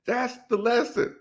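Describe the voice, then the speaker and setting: A man hosting a casual chat, telling a story in an animated way, acting out quotes with big jumps in his voice. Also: very high-pitched. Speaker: podcast host.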